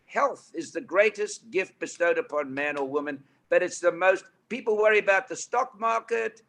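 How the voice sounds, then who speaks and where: An older man with a South African accent tells his stories with animated, emphatic energy. His voice is bright and forceful and sits fairly high. He slips into preaching at times. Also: moderate pace, gravelly. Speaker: guest. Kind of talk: storytelling on a talk panel.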